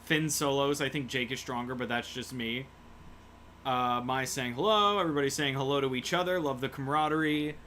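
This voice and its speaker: A man's voice: mid-range voice, brisk, sharp tone, slight background noise. A man streaming a video game, chatting with viewers and joking about what he sees. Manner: jokey, chatty, greets chat. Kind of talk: casual gameplay commentary.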